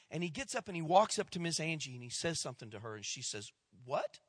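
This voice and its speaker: A middle-aged male pastor telling a story in a sermon, acting out the people he quotes and dropping to a hush at tense moments. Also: a little high, quick pace, few pauses, breathy edge, no echo, studio quality. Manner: animated storyteller, acts out quoted voices, drops to hushed tones.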